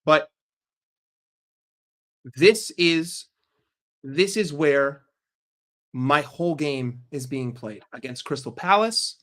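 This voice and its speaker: A man's voice: on the high side, fairly bright tone. A man hosting a football fan channel, giving a heated, profane and sarcastic rant. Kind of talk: casual ranting commentary.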